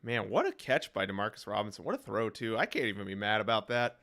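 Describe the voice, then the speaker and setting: A young man streaming live play-by-play reactions to a football game, calling the action and reacting excitedly, his voice starting to wear out. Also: on the low side, quick pace. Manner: excited commentary, reacting aloud to plays.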